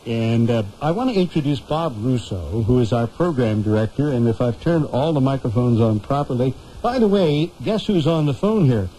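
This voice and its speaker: A male radio host chats live from the studio, his voice mellow and mid-pitched. He talks in a friendly way and often trips over his words as he goes. A faint hiss sits under the sound. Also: lively intonation, normal speed, few pauses, low-quality recording. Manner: warm, fumbling, repeats words. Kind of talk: live radio chat on a final broadcast.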